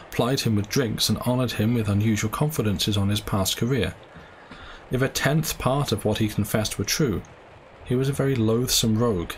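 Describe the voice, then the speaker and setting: Guy reading an old story out loud, steady, a bit of faint background hum. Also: mid-range voice, rough recording. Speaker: audiobook reader. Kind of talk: reading a classic story aloud.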